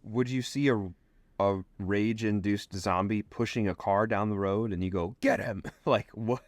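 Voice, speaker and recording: A man's voice: fairly low pitch, steady tone, unhurried, no echo. A man co-hosting a podcast, chatting casually with wry, playful quips. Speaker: podcast co-host. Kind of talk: casual chat.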